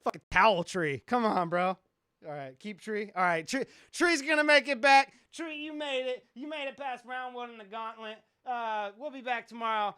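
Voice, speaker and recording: A man's voice: very high-pitched, steady tone, moderate pace, pushed and bright, smooth. A man who produces music, hosting a casual live stream, rambling, joking and swearing a lot. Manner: profane, rambling, joking with chat.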